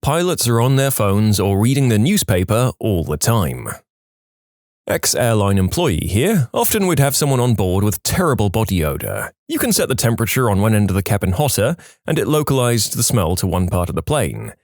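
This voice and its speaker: A man narrating posts from an online forum, reading them in a lively, expressive way with a touch of playful sarcasm. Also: on the low side, moderate pace, dry recording, studio quality. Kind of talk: storytelling narration.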